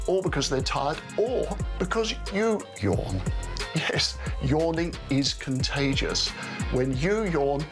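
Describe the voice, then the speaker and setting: Lively playful man doctor. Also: mid-range voice. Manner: playful, enthusiastic, wonder-filled. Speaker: doctor explaining science. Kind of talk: scripted TV science segment. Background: music.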